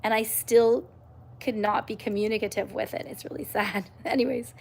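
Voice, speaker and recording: Canadian woman rambling on her livestream, kinda high voice, lots of um and you know. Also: steady tone, moderate pace, vocal fry. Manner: chatty and upbeat, frequent fillers and restarts. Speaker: YouTuber hosting a live stream. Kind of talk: casual live-stream talk to viewers.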